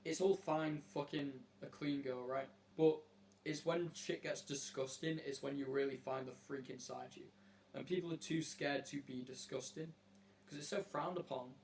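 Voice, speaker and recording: A man's voice: fairly high pitch, fairly even intonation, normal speed, vocal fry, a little mellow, slight background noise. A man hosting a casual chat with strangers, joking in a brash, mock-serious way and swearing freely. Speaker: host asking strangers on a video chat app.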